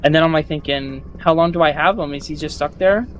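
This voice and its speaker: A man casually recapping a game he played, rambling and swearing, acting out his own thoughts with loud outbursts, with loud music behind. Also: fairly high pitch, fast talker, slight background noise, poor audio. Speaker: gaming video host.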